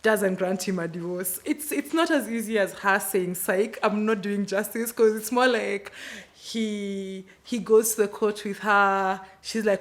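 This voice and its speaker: A woman's voice: medium pitch, a little slow. A woman with a Kenyan accent, chatting casually about the books she read this month, with playful slangy asides. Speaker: book channel host. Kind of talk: casual book wrap-up video.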